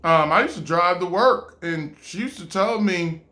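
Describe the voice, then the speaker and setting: High-voiced man telling a rambling story. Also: moderate pace, bright, forceful tone. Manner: rambling, with fillers, restarts and acted-out quotes. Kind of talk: casual personal storytelling.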